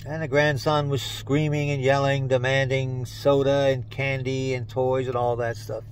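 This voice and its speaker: A man's voice: medium pitch, level tone, moderate pace, clear, resonant tone, poor audio. An older man casually telling a joke as a story, in a plain, chatty, folksy way. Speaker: joke teller and channel host.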